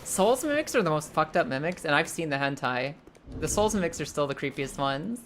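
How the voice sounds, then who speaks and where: Woman streamer, low voice that swings widely, loose swearing game commentary, faint room noise behind. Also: a little fast. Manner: animated, swears freely, jumps into squeals when startled. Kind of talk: casual live game commentary and chat.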